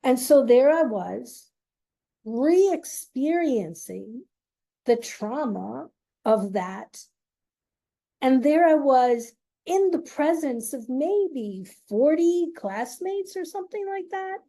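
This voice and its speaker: A woman telling an emotional personal story, speaking haltingly with long pauses and emphasis. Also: sits high, expressive, dark tone.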